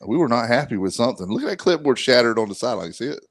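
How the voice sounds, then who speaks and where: A man hosting live sports radio talk from a high school football scrimmage, joking and bantering. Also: very animated, rapid-fire, no echo.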